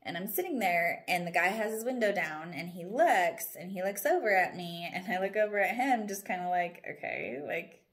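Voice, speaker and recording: A young woman vlogging casually, rambling and animated as she tells a story, often breaking into laughter. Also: mid-range voice, normal speed, few pauses. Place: at home, indoors.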